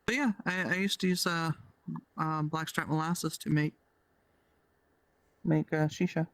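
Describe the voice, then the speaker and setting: Co-host in casual podcast talk, mid-pitched, talkative, detailed explainer, dry close-miked sound. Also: steady tone, a little slow, a bit bright, dry recording. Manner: chatty, explains in detail with fillers.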